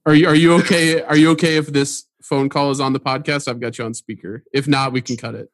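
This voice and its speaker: A man's voice: medium pitch, little pitch movement, no room sound. Giggly male podcast co-host, dry sound. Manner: giggly, chatty, quick asides. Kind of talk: casual podcast chat.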